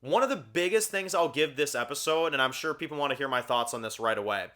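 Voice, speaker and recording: Bright-voiced chatty male reviewer. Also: on the high side, animated, fast talker. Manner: chatty, frank, repeats words while thinking. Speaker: host of a TV review channel. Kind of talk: casual on-camera review talk.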